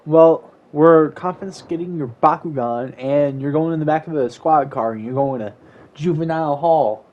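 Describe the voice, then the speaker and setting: A man's voice: fairly high pitch, normal speed, dull audio, lightly acted. A man voicing a stern police officer who lectures in a matter-of-fact, scolding way.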